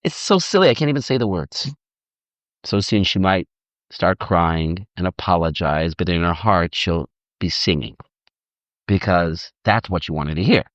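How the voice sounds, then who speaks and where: A man giving an informal lecture as a rabbi, animated and repetitive, often acting out little dialogues, on a dull, dry recording. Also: deep voice, unhurried, no room sound. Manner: animated, repeats words, acts out dialogue. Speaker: rabbi teaching on marriage. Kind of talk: informal lecture with audience questions.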